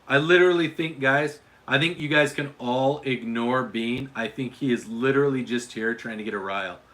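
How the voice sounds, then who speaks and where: A man's voice: medium pitch, normal speed, fairly bright tone. A man from Utah hosting a casual livestream, chatting with viewers and often restarting and repeating his words. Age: adult father. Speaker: livestream host.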